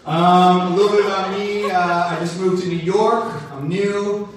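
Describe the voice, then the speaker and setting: A young man with a laid-back Californian surfer drawl doing an energetic stand-up set on a club stage. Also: high-pitched, normal speed, slight background noise. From Boston. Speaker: stand-up comedian. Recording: roomy club sound from a distance. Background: laughing audience.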